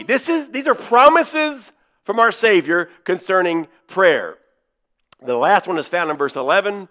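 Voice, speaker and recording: A man preaching in a church with a high, bright voice that swings widely in pitch. He leans hard on key words, slowing down and repeating them for emphasis. His delivery rises and drops from loud to hushed. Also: sing-song. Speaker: pastor. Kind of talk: sermon.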